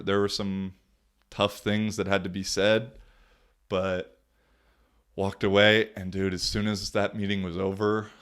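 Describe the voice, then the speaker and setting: A man's voice: lowish voice, clear, resonant tone. A young man hosting a podcast and telling a story in a loose, profane, rambling way with lots of fillers. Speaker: podcast host and football player.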